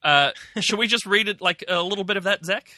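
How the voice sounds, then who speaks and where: A young man co-hosts a news podcast in a loose, rambling way, leaning on "like" and wry asides. His voice is very bright and sharp. The sound is dry and close. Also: high-pitched, a little fast, dry recording. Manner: rambling, many likes, wry. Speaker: podcast co-host. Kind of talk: casual news chat.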